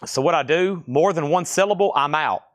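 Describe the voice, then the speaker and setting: A man with a Southern US accent from Tennessee, running a live record sale stream with fast, joking auction patter. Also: fairly high pitch, dry recording, studio quality. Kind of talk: live sales auction chat.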